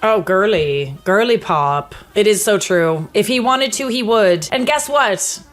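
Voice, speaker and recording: A woman's voice: mid-range voice, measured pace, soft background music. A woman hosting a casual reaction commentary, blunt and chatty, talking to her viewers like friends. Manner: blunt, chatty, animated, addresses viewers as bestie. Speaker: commentary host.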